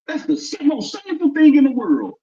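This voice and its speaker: A man ranting loudly and arguing on a livestream, talking over the others in heated debate. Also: very high voice, wildly swooping pitch, fairly quick. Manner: loud, ranting, argumentative. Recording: dull lo-fi stream audio.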